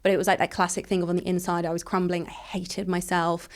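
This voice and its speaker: Frank, fast-telling woman with a smooth voice. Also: lowish voice, level tone. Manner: frank, rapid storytelling with frequent "like" fillers. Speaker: guest. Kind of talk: candid personal story in an interview.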